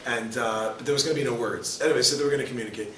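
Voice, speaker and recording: A man's voice: mid-range voice, steady tone, rapid-fire, heavy background noise. A male rabbi teaching a class to a live audience, joking and firing questions at the listeners. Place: lecture hall with audience. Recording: roomy, distant mic, faint ambience.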